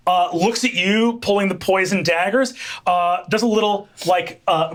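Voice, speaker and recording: A man's voice: high voice, a bit bright. A man narrating as game master, rambling with fillers and restarts.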